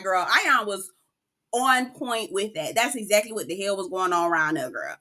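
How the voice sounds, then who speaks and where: Sassy woman spilling reality tv tea, bright sharp voice, a bit high, cussing, calls everyone girl. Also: lively intonation, moderate pace. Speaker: reality TV recap host. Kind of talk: casual reality show recap.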